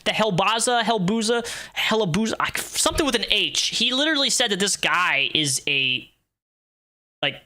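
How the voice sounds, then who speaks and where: Blunt reaction-channel host, bright voice. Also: male voice, high-pitched, lively intonation, normal speed. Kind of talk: casual reaction commentary.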